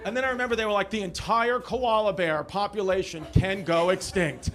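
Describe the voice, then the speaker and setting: A man with a New York accent doing stand-up crowd work, telling loud, rowdy stories with shouted impressions. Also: high voice, quick pace, hardly any pauses. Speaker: stand-up comedian. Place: comedy club stage. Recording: live club recording with noisy crowd. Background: crowd laughter.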